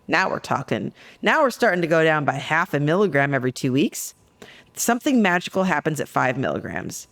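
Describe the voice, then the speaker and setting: A woman psychologist talking as a guest on a podcast interview, telling stories in a lively, joking way. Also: on the low side, brisk. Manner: lively, jokey storytelling.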